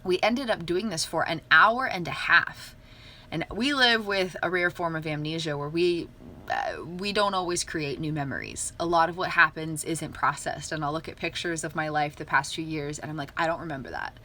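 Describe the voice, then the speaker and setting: A woman's voice: low voice, moderate pace, pushed and bright, slight background noise. A young woman talking casually on a livestream, earnest and upbeat, often laughing. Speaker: livestream host.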